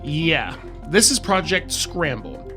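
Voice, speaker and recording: A man's voice: fairly high pitch, big pitch swings, slow pace, music in the background. A man co-hosting a podcast, reading a horror file aloud in a casual, chatty way. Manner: casual, swears, laughs between read passages. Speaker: podcast co-host.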